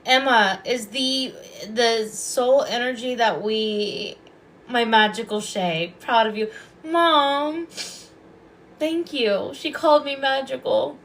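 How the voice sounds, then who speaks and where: A woman's voice: a little high, slow pace, pauses often, a bit bright, slight background noise. A woman hosting a casual livestream as a Reiki and hypnosis practitioner, chatty, affectionate and rambling.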